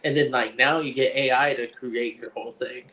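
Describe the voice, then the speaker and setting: A man's voice: medium pitch, steady tone, moderate pace, sharp tone. A man co-hosting a casual podcast, rambling through his ideas and laughing along with the others. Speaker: podcast co-host. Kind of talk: casual chat.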